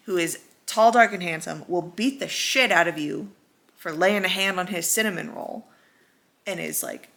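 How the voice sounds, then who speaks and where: A woman's voice: fairly low pitch, vocal fry, a bit bright. A young woman vlogger casually rambling about a book she loves, swearing and acting out quotes. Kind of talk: casual chatty book review.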